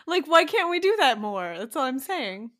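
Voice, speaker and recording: A woman co-hosting a music podcast, speaking a bit higher than most women. She jokes around playfully and throws in quick asides in easy conversation. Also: big pitch swings, a bit bright. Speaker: podcast co-host. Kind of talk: casual chat about songs.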